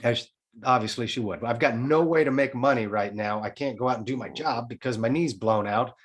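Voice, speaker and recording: A man's voice: mid-range voice, brisk, slightly rough. A man in his forties, a podcast guest telling a personal story in casual chat, frank and often swearing. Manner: frank, swears freely, tells a story in a lively way.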